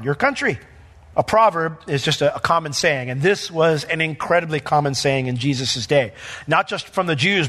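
Bright-voiced animated male pastor. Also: a little high, in a large hall. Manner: animated, conversational, acts out quotes. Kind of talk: sermon.

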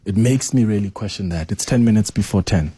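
A man's voice: a little fast, background noise. A man hosting a call-in radio show, reading listener messages and questioning with earnest concern. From South Africa. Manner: earnest, questioning, rises in pitch when making a point. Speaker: radio talk show host.

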